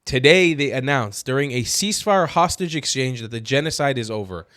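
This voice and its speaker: A man delivering opinionated political commentary at a middle pitch, his voice plain and unadorned. He curses freely and bursts into loud, exasperated rants between dry, low-key asides. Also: a little fast, hardly any pauses, no room sound. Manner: profane, swings from flat asides to loud exasperated outbursts.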